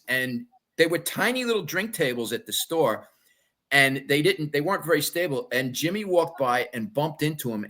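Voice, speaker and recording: A middle-aged man hosting a podcast, spinning old stories in an animated, rambling way over a video call. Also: mid-range voice. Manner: animated raconteur, many restarts. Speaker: podcast host. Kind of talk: casual storytelling.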